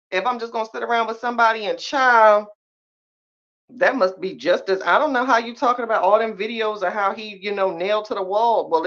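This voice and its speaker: A woman hosting a podcast in casual live-stream chat, talking with sass, drawn-out exclamations and frequent laughter as she reacts to viewers. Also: mid-range voice. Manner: sassy, animated, laughs often; drawn-out exclamations and slangy asides. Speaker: podcast host. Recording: slightly muffled lo-fi sound.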